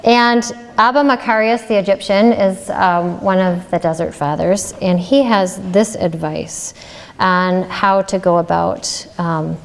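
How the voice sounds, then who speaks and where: A woman's voice: fairly low pitch, fairly even intonation, unhurried, gravelly. A woman ethics lecturer giving a public lecture in a conversational way, posing rhetorical questions with occasional "um"s. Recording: long reverb of a lecture hall.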